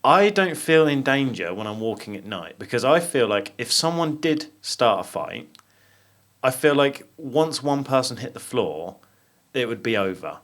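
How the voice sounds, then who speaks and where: An English man co-hosts a casual podcast, trading jokes and laughing easily. His voice sits at an ordinary middle pitch, and he talks in a loose, chatty way. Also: sing-song, moderate pace, fairly bright tone. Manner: chatty, jokey, laughs often. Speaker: podcast co-host. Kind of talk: casual chat.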